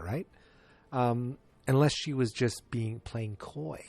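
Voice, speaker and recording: A man's voice: mid-range voice, slow pace, a little mellow. A man hosting a casual movie review podcast, talking in a loose, rambling way with lots of fillers and restarts. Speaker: podcast host.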